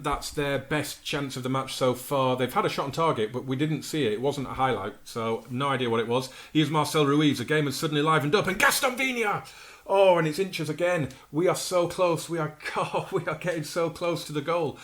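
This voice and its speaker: A man casually narrating his own football management game, with chatty asides and sudden excited outbursts over the action. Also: fairly high pitch, normal speed. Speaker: gaming YouTuber. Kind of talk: commentating his own video game playthrough.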